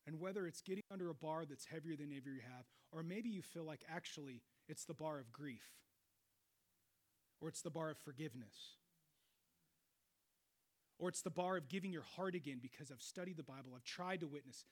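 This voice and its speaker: A middle-aged man preaching a sermon, animated, swinging between loud exclamations and quiet low stretches. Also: a little fast. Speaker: pastor.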